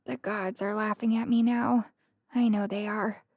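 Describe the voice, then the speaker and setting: A woman's voice: medium pitch, level tone, unhurried, a little mellow, no room sound, studio quality. A woman voicing the inner thoughts of an embarrassed, self-mocking young woman in a mortified tone.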